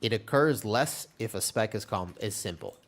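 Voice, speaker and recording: Male game streamer, lively pitch, rambling chatty callouts while tanking. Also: normal speed. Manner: animated, rambling, mixes callouts with banter. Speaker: game streamer and tank player. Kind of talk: live gameplay commentary and chat with viewers.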